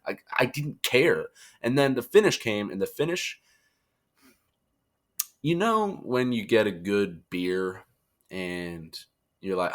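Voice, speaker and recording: His voice is lowish, animated and a bit bright, and he takes things slowly with long pauses. A weary young man, he chats through a joking wrestling review, performing quotes in goofy voices.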